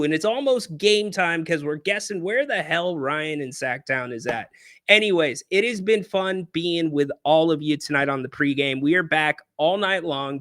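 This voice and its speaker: A man hosting a pregame sports show, joking and teasing his viewers in an animated, playful way. His voice sits a bit high for a man, recorded close and dry with no room sound. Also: no room sound. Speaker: sports podcast host. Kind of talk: casual pregame chat with callers and chat. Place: hotel room, on location.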